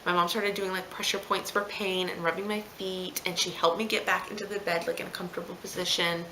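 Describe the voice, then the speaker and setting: A woman's voice: fairly low pitch, a little fast, slight background noise. A mother telling her birth story in a casual vlog, acting out the quoted lines of the people involved. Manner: animated, acts out quoted dialogue. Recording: echoey room.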